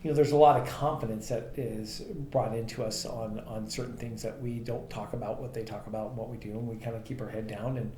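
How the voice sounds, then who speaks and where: A man's voice: fairly low pitch, fairly even intonation, fairly quick, few pauses, warm tone. A man co-hosting a podcast, telling rambling anecdotes about his transportation business with lots of fillers. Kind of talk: casual storytelling chat. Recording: echoey room with faint ambient noise.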